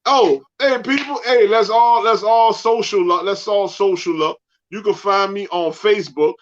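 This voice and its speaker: A man co-hosting a casual sports show, joking, animated and laughing often. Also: sits high, normal speed. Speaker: co-host. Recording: dull lo-fi sound.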